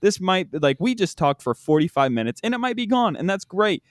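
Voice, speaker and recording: Man, podcast host, slightly high voice, animated pitch swings, excitable and incredulous, dry close sound. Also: a little fast, no echo. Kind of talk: casual podcast chat.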